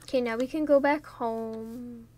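Over slight background noise, a young gaming vlogger from New York speaks in a slightly high, somewhat mellow voice with fairly even intonation and measured pace. She casually chats and jokes while playing, packing in fillers, laughter, and sudden startles.

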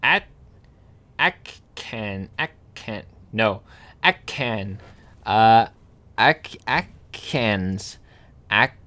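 A man casually reading dictionary words aloud, slowly sounding out hard ones, stumbling, correcting himself and adding dry amused asides. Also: fairly low pitch, lively intonation, bright, forceful tone.

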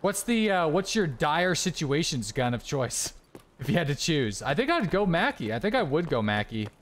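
A man's voice: fairly high pitch, very animated, normal speed. A young man, streaming a shooter game with joking, swearing running commentary. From Canada. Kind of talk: casual gameplay commentary.

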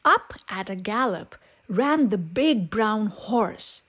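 A woman reading a children's picture book aloud, expressive and sing-song in her delivery. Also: mid-range voice, slow, very noisy. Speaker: storyteller. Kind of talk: children's read-aloud storytime.

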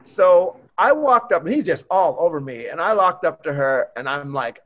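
A man in his fifties, a former pro baseball player, chatting as a podcast guest and telling relaxed, expressive stories. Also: a little high, normal speed. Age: 50s. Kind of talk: casual chat. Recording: dull lo-fi remote audio.

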